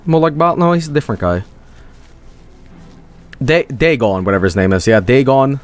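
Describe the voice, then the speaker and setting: A man streaming a video game, rambling and swearing in casual commentary with sudden high-pitched outbursts. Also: lively intonation, normal speed.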